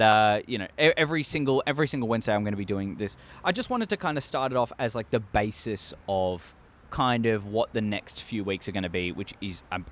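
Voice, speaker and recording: An Australian man hosting a casual opinion vlog, rambling and excitable, with heavy swearing, talking into a desk microphone. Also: lowish voice. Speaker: show host.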